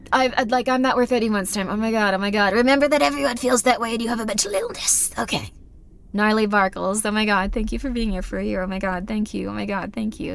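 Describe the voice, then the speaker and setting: A woman streaming a game live, talking to chat in a rambling, earnest and apologetic way. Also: on the high side.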